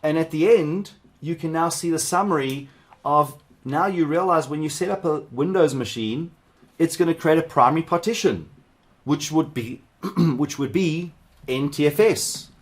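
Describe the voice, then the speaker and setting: A man's voice: on the high side, normal speed. A middle-aged man from South Africa leading a live cybersecurity workshop, chatting loosely with viewers and wandering into asides as he teaches. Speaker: cybersecurity instructor.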